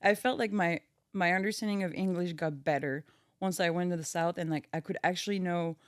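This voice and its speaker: A woman's voice: lowish voice, brisk, no echo, clean studio sound. A woman from France in her thirties with a French accent, chatting casually as a podcast guest and filling her talk with "like.". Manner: chatty, many fillers like "like". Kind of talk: casual chat.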